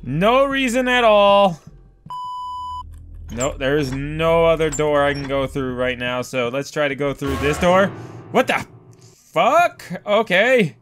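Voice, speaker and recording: Male let's player, high and bouncy voice, unhurried delivery, profane, prone to startled yelps. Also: slight background noise. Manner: excitable, swears a lot, yelps when startled. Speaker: gamer. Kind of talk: let's play commentary.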